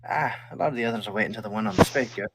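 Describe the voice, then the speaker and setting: A man's voice: fairly low pitch, rapid-fire, heavy background noise, lightly acted. A man voicing a friendly, chatty young male tiefling butcher in a tabletop game.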